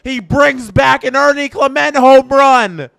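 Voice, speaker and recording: A man streaming a live fan reaction, calling the action in an announcer style and swinging between emotional shouts and stunned murmurs. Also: very high voice, measured pace, gravelly, dry recording, clean studio sound. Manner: announcer-style play-by-play call.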